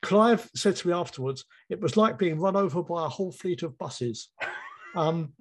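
Brief: male writer as guest, husky voice, fairly high pitch, measured. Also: animated, low-quality recording. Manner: thoughtful, measured, repeats phrases. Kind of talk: interview conversation.

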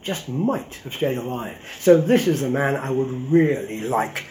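A man's voice: medium pitch, expressive, a little slow, a little mellow, a little hiss or hum. An older man, a historian, giving a public lecture in a wry, conversational way with frequent ums and asides. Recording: roomy hall echo.

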